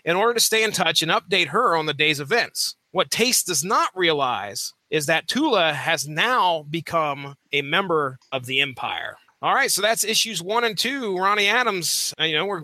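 Bright high-voiced male podcast host. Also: no room sound, poor audio. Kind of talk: reading a plot summary, then casual chat.

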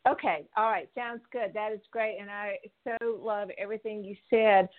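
A woman hosting a faith-based talk show, effusive and halting, often restarting her sentences. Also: medium pitch, steady tone. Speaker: radio show host. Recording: tinny phone line.

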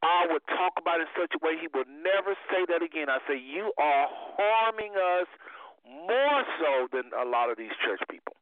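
A man in his fifties hosting a call-in radio talk show, talking in an emphatic, preacherly way that drops low and then climbs high. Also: animated, normal speed, no echo. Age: 50s. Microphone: phone. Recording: tinny dry phone line.

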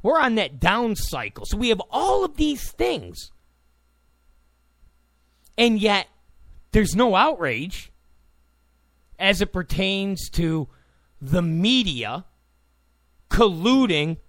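A man rants in a high, gravelly voice that swings widely in pitch. He talks slowly and repeats his points, with sarcastic asides along the way. The sound is dry and close. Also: sing-song, fairly bright tone, no echo. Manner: heated, ranting, sarcastic asides, repeats phrases. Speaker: political commentator. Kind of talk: opinionated political rant.

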